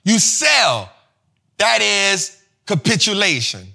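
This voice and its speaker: Hosting a show about investing, a man with a creaky, high voice speaks slowly as he teaches financial terms. He's casual and animated, leaning on slang and repeating himself a lot.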